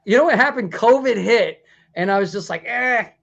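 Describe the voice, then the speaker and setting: A man with a fairly high voice hosts a casual talk show, rambling along and often breaking into laughs. The sound is a little dull and lo-fi. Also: lively intonation, fairly quick, gravelly.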